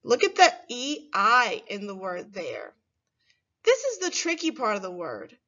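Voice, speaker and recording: A woman teaching a first grade phonics lesson, speaking slowly and clearly and stretching words for young children. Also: a little high, big pitch swings, sharp tone, lo-fi sound.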